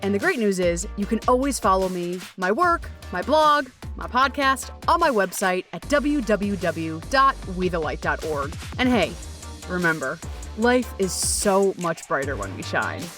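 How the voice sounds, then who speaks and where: A woman hosting her own podcast in a casual solo talk, gushing and animated, acting out little inner voices and swearing casually. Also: medium pitch, unhurried, faint music behind. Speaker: podcast host.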